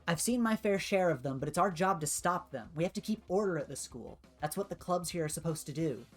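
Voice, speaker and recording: Brief: a woman doing a strict honor-roll girl, low voice, faint music behind, tabletop game. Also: lively intonation, fairly quick. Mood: stern. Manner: scolding, lecturing. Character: stern dutiful teen girl honor-roll leader.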